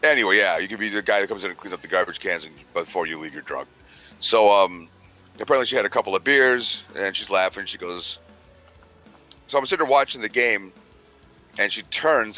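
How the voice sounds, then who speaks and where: A man's voice: fairly low pitch, fast, sharp tone, faint music behind. A man telling a long rambling, profane story with laughter in a casual podcast chat. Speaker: podcast co-host.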